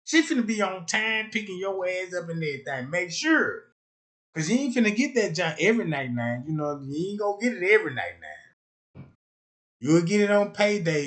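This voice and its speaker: A male live streamer with a fairly high voice goes on a casual, comedic rant, rambling and repeatedly asking "you know what I'm talking about." He swings from loud outbursts to low mutters.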